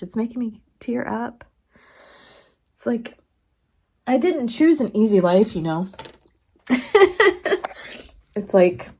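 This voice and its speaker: A woman artist talking to camera in a vlog, musing earnestly and rambling with many fillers. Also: mid-range voice. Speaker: artist and vlogger. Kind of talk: reflective vlog talk to camera.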